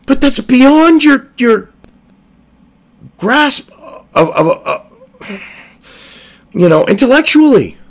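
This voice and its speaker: High, gravelly man ranting heatedly. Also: sing-song, slow pace, pauses often. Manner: profane, exasperated, heated. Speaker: online political commentator. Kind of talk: ranting commentary. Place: at a computer desk.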